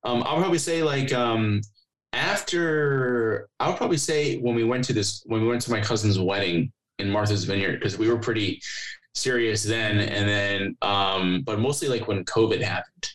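A man with a fairly low voice, sitting in as a podcast guest. He talks casually, drifting through long stories with plenty of fillers and reenacted back-and-forth. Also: moderate pace, a bit bright, rough recording. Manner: rambling storyteller, many fillers and acted-out dialogue. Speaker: podcast guest, company co-founder. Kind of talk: casual chat.

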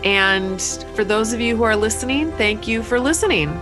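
A woman's voice: fairly high pitch, animated, normal speed, music in the background. A woman hosting a podcast, closing out an episode in an upbeat, chatty way and carefully spelling out web addresses. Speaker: podcast host. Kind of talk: casual podcast wrap-up.

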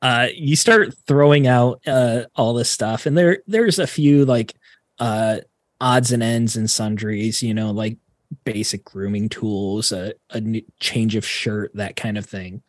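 A man narrating as game master in a tabletop game, in a relaxed, chatty way with plenty of fillers. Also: lowish voice, unhurried, no echo, clean studio sound.

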